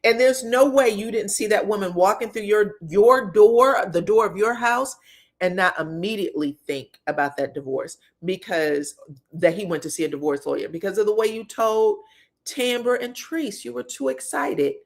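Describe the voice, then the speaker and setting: A woman recapping a reality TV episode, talking candidly and straight to the cast, slangy and quick to swear. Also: mid-range voice. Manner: slangy and expressive. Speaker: reality TV commentator.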